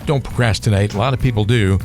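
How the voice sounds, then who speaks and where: A man hosting a radio show, upbeat, reading phone numbers slowly and repeating them. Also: on the low side. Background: music bed.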